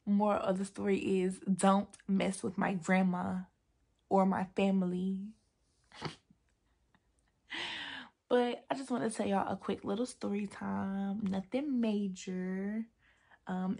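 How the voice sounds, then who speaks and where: A young woman chats through a storytime vlog from a desk at home, with a gravelly, husky edge to her voice. She talks in an animated, slangy, emphatic way and laughs a lot as she goes. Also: mid-range voice, slow, pauses often. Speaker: vlogger. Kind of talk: casual storytime chat.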